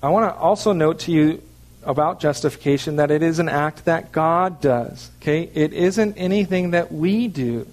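Guy preaching a sermon, kinda high voice, keeps saying okay as he teaches. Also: moderate pace, darkish tone. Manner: earnest teaching with frequent "okay" check-ins. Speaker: pastor.

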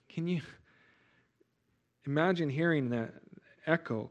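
A man preaching a sermon as pastor, earnest and exhorting, rising to loud emphasis. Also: high voice, expressive, moderate pace.

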